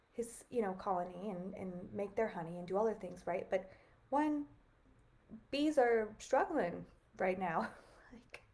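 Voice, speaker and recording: A woman in her thirties speaks straight into her webcam, hosting a reflective spiritual livestream. Her voice sits at an ordinary middle pitch, and she talks in an earnest, musing way with plenty of "like" and soft laughs. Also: vocal fry. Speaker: livestream host.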